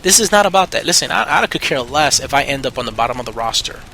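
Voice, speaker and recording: Male gaming host, bright and forceful, chatty rambling voice-over with lots of restarts, faint noise under it. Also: medium pitch, lively intonation, fast. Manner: rambling, enthusiastic, many fillers and restarts. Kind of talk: gameplay commentary voice-over.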